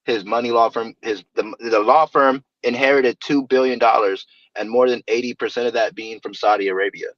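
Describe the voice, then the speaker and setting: A man's voice: mid-range voice, steady tone, dry recording. Slangy cussing guy hosting a stream, dry dull lo-fi mic, keeps repeating himself. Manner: slangy, profane, talks fast and repeats himself. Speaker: livestream panel host. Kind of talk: casual chat.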